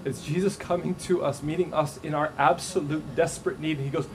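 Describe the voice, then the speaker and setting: Animated preacher man, slightly high voice. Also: a little fast, background noise. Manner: animated, acts out quoted voices with humor. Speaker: pastor. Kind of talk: sermon. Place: church stage before a congregation.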